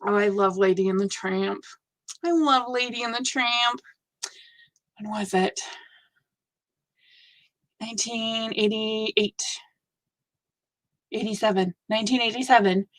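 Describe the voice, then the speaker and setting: A fifty-something woman hosts a relaxed live stream, her voice sitting a touch high. She talks unhurriedly, and every remark is an effusive, gushing exclamation of delight. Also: takes it slowly, pauses often. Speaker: host of a live stitching show. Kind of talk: casual live-stream chat.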